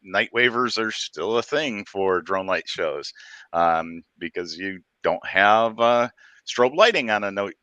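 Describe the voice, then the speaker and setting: A man answers interview questions in a measured, explanatory way, pausing on frequent ums. His voice is low-pitched yet bright and forceful, recorded dry and close. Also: lively intonation, dry recording. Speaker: guest, drone regulatory affairs director.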